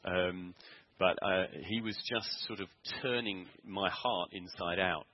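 A man preaching in church, telling a personal story earnestly with frequent pauses, ums and restarts. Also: low voice, steady tone, highs cut off, slight background noise. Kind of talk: sermon testimony.

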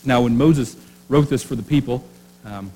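A man's voice: mid-range voice, moderate pace, darkish tone, slightly rough, low-quality recording. A man preaching a sermon as pastor, speaking conversationally with rhetorical questions and frequent restarts.

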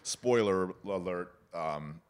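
A man chatting casually about films, telling animated stories and acting out the characters' lines. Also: sits low, slow, smooth. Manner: animated storytelling, acts out quoted lines, laughs often. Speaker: podcast guest discussing film. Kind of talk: casual chat.

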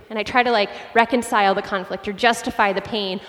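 A woman pastor in her late twenties, preaching a sermon with animated, self-deprecating personal stories. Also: medium pitch, fast, hardly any pauses, in a large hall.

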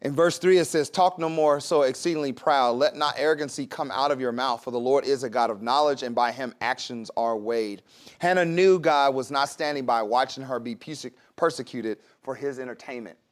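A man's voice: medium pitch, moderate pace. A man preaching a sermon in a conversational way, with laughs and asides to the congregation. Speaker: pastor.

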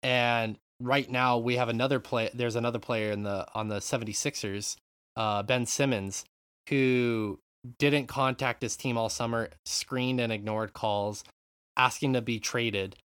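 Brief: male podcast host, mid-pitched, dry close sound, chatty and animated. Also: unhurried, smooth, no echo. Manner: animated, swears freely, rambling asides. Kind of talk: casual chat.

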